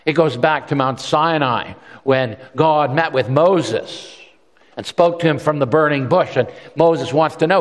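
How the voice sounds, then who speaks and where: A man's voice: on the high side, unhurried. Man preaching in a reverberant hall. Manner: conversational, repeats words, animated voices for quotes. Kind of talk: sermon.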